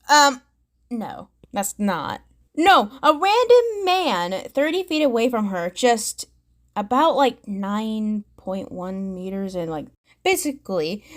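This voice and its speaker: A woman's voice: high-pitched, fairly bright tone. A woman hosting a reaction commentary video, chatty and sarcastic, with lots of fillers. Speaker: commentary vlogger.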